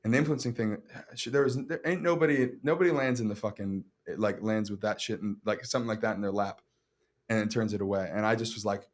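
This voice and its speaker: Fast-talking young man telling his story. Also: on the low side. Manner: fast, profane, animated, with restarts. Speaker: actor guest. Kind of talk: casual podcast storytelling.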